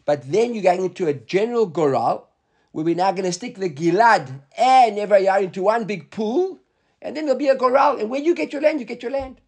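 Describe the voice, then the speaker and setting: Man teaching talmud, high voice, reads lines then explains in english. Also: lively intonation, a little fast, darkish tone. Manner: reads Hebrew and Aramaic text aloud then explains in English.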